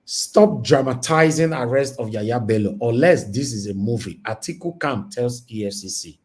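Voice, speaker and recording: A man with a Nigerian accent hosting a casual news reaction stream, animated and mixing Pidgin with English, often asking "Eh?". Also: mid-range voice, moderate pace. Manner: animated, switches between Pidgin and English, exclaims "Eh?". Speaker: news commentary host.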